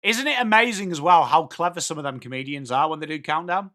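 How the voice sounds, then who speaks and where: A man's voice: fairly high pitch, fast, hardly any pauses, a bit bright. A young English man hosting a live football watchalong, calling the play while chatting with viewers. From England. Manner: chatty, mixes play calls with replies to chat. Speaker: watchalong host. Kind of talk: live sports watchalong chat.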